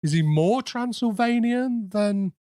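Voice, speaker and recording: A man hosts a casual film podcast. His voice sits a little high, and he stops and restarts often. The sound is dry and close to the mic. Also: animated, warm tone, dry recording. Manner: halting, full of fillers and restarts. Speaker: podcast host.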